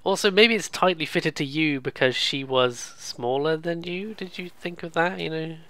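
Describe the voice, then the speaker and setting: A man's voice: fairly high pitch, normal speed, a bit bright. A man hosting a let's play, giving casual, sarcastic, rambling gameplay commentary. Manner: sarcastic, swears freely, rambling.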